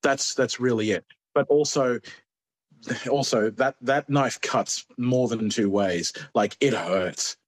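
A man's voice: medium pitch, takes it slowly. A man, a stand-up comedian, telling stories in a casual interview and acting out the voices of people he quotes. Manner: animated, acts out quoted voices.

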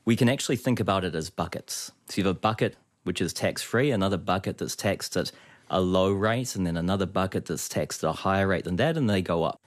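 Deep-voiced New Zealand man explaining calmly. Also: quick pace, no room sound, studio quality. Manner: calm explanatory. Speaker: guest economist. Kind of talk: radio interview.

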